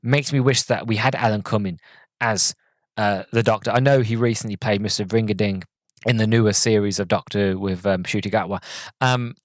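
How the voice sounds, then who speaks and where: A man's voice: fairly low pitch, fairly even intonation, fairly quick, dry recording. A podcast host in his twenties reviewing a film in a casual solo talk, rambling and enthusiastic with lots of fillers. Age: 20s.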